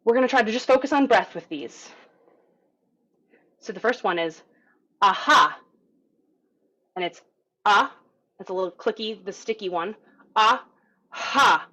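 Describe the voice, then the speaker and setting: A young adult woman coaching an online group voice lesson, calm and encouraging as she talks through breathing and resonance exercises. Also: medium pitch, brisk, long pauses. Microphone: video call mic.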